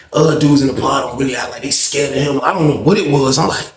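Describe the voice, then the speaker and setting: A man's voice: mid-range voice, fast, echoey room. A man telling a story in a casual, profane way, acting out his own lines with big jumps in voice. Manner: animated, profane, acts out his own quotes.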